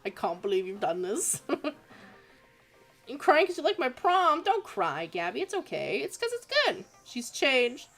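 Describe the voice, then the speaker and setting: A woman's voice: on the high side, sing-song, takes it slowly, a bit bright, soft background music. A young woman hosting an art livestream, chatting casually and giggling as she reads viewer messages aloud. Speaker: art streamer reading viewer submissions.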